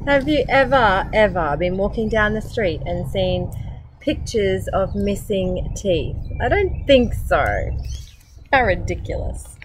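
A woman's voice: medium pitch, animated, slow pace, background noise. An Australian woman hosting a storytime, reading a picture book aloud with chatty, exclamatory asides to young listeners. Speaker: storytime host.

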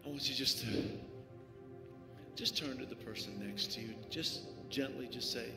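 A man preaching as a pastor, giving an altar call with pleading, repetitive urging that swells at times into shouts. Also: medium pitch, moderate pace, music in the background. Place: church sanctuary with live music. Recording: echoey hall, live stream.

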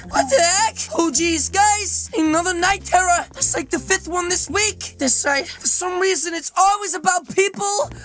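Very high-pitched, excitable woman gamer. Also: normal speed, hardly any pauses. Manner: loud, excitable, frequent laughing and shouting. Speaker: gaming YouTuber. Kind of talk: comedic role-play commentary over gameplay.

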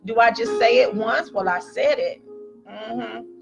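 Gravelly, higher-voiced woman leading a live-streamed devotional. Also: unhurried, music in the background, low-quality recording. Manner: chatty with viewers, repeating phrases for emphasis. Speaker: ministry founder leading a daily confession. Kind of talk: live-streamed devotional teaching and prayer declaration. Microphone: phone live stream.

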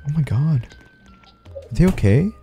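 A young man streaming a video game, reacting loudly with shouts, gasps and swearing. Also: on the high side, animated, unhurried, soft background music. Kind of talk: live game commentary.

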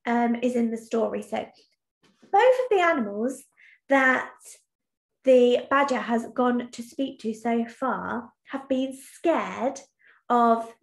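Expressive, high-voiced woman teacher reading aloud. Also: vocal fry. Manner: expressive and sing-song. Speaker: primary school teacher. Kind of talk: reading a storybook aloud in an online lesson. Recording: echoey room.

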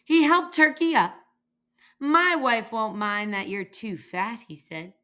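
Slow, lively woman reading a storybook. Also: a little high. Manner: lively character voices, slow and expressive. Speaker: reader. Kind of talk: children's picture book read-aloud.

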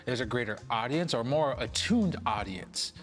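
A man who is a comedian and organizer, guesting on a casual show and talking in a lively way, laughing and swearing freely. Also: mid-range voice, normal speed, soft background music. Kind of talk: casual chat.

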